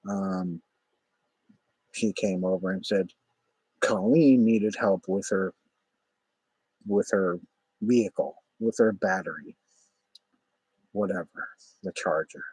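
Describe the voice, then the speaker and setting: A man with a low, slightly husky voice tells a long story in a loose, rambling way. His talk is profane and full of "you know" and "whatever," with a close, dry sound and no room around it. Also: takes it slowly, pauses often, a little mellow, no room sound, low-quality recording. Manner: rambling, profane, many fillers. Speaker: vlogger. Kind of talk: casual spoken storytelling.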